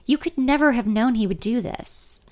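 Woman as a bold supportive gal pal, brisk and comforting. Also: a little high, a little mellow, pitched above the performer's own voice, close to an everyday voice. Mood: reassuring. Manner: reassuring, brisk. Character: supportive, bold female best friend.

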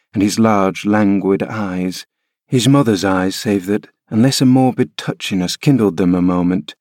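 A man reading a classic novel aloud as scripted narration, measured and unhurried. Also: lowish voice, darkish tone, no room sound, clean studio sound. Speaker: audiobook reader.

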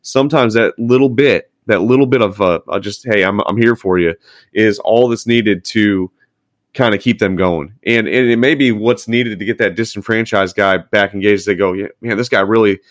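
Earnest low-voiced firefighter. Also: male voice, moderate pace, no echo, clean studio sound. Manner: earnest, encouraging, many restarts. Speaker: firefighter podcast guest. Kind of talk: casual podcast chat.

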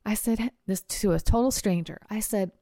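A woman hosting a podcast, telling a personal travel story in a chatty, animated way with casual fillers. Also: mid-range voice, moderate pace, dry recording, studio quality. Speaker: podcast host and trial lawyer.

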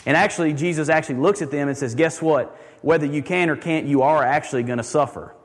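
A pastor preaching a sermon in a conversational, emphatic way, repeating words for stress. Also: male voice, on the high side, fast, in a large hall.

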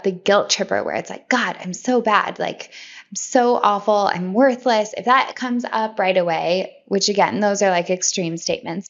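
A woman's voice: a little high, lo-fi sound. A woman hosting a podcast, giving a conversational self-help monologue and often repeating and restarting her words.

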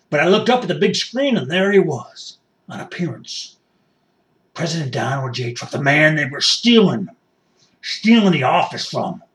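A man playing an excitable, folksy rural rioter who rambles and boasts as a guest in a satirical mock interview. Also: high-pitched, far from the mic.

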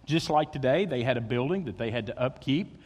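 A man preaching a sermon as pastor, swinging between loud emphasis and hushed, intimate tones. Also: medium pitch, lively intonation, a little fast, slightly rough, in a large hall.

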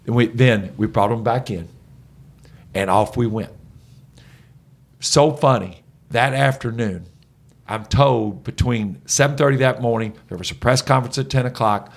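Gravelly middle-aged man, coach type, lively energetic storyteller, guest on a talk show. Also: medium pitch. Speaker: head basketball coach, podcast guest. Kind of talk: conversational storytelling.

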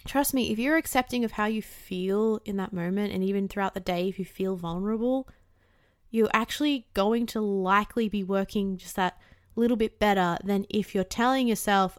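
A woman's voice: medium pitch, normal speed, dry recording. Candid, swearing young woman, dry close sound. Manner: candid, swears casually, acts out inner voices. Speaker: self-help vlogger. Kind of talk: casual advice talk to camera.

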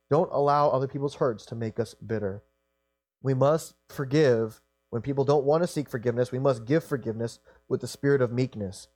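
A man's voice: medium pitch, fairly quick, darkish tone, no echo. A man preaching a sermon in an earnest, repetitive way, often restarting his sentences.

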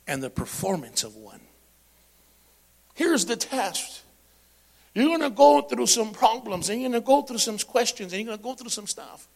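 A man preaching a sermon in church, calling out to the congregation and swinging between loud and hushed delivery. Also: high-pitched, gravelly. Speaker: pastor.

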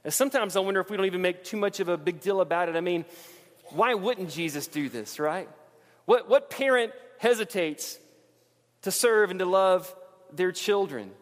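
A man's voice: high-pitched, lively intonation, normal speed. A man preaching a sermon, earnest and emphatic, often repeating his phrases. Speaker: pastor. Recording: long reverb of a large hall.

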